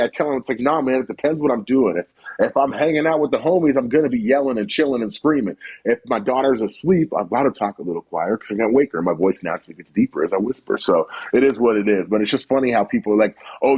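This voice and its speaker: A man in his thirties chatting as a podcast guest, an animated storyteller who swears freely and slips into quoted voices. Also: mid-range voice, breathy edge, low-quality recording. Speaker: podcast guest, cooking content creator. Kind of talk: casual podcast chat.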